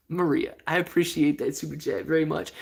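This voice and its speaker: A man's voice: fairly high pitch, steady tone, normal speed, gravelly. A man from Ohio hosting a casual live stream, reading viewer comments aloud in a rambling, joking way and often laughing. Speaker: stock livestream host.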